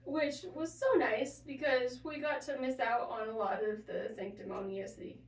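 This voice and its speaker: Podcast co-host, woman, high voice, deadpan sarcasm, roomy distant mic. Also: normal speed. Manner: dry sarcastic joking. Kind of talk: casual chat.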